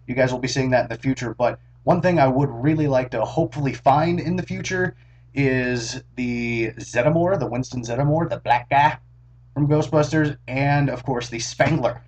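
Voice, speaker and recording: A hoarse young man chatting casually to his camera in a rambling, jokey, self-mocking vlog, recorded on a small camera's built-in mic. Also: medium pitch, moderate pace, a little mellow, slight background noise. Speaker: vlogger.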